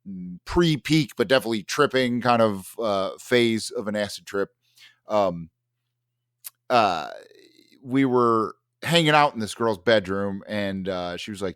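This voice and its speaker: A man's voice: fairly low pitch, lively intonation, a little slow, a bit bright, clean tone, dry recording, studio quality. A man telling a long story in casual podcast chat, rambling with many fillers and restarts. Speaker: podcast host.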